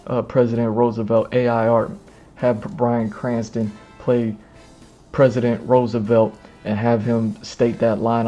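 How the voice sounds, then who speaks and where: Excitable laughing male streamer. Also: mid-range voice, unhurried. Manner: excitable, laughing, repetitive slang. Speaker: live streamer. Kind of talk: casual reaction commentary. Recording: muffled, with music behind.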